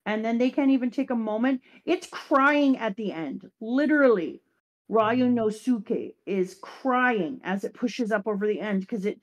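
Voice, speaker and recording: A woman hosting a casual talk show, recapping an anime episode in lively chat and briefly acting out the characters' lines. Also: fairly high pitch. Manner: animated, acts out character lines. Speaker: podcast host.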